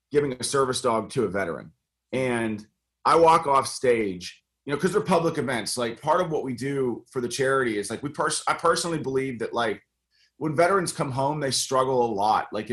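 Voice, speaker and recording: Earnest American man with halting restarts. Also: medium pitch, expressive, fairly bright tone. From United States. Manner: earnest, many fillers and restarts. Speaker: congressional candidate and guest. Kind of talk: casual interview talk.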